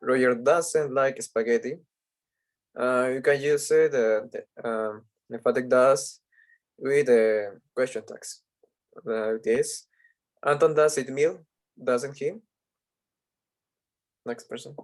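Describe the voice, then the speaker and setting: A man's voice: mid-range voice, slow, pauses often. Hesitant man presenting to his class. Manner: hesitant, frequent filler sounds. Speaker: student presenter.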